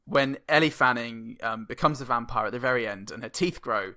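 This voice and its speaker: A man co-hosting a podcast, telling dry, deadpan jokes and laughing often in casual film talk. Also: medium pitch, a little fast. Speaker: podcast co-host. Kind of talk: casual film-review chat.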